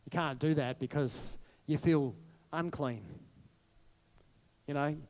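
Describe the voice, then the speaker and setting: A male pastor preaching to his congregation, moving from soft, hushed reflection to a rising, passionate appeal. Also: fairly high pitch, takes it slowly. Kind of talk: sermon over worship music.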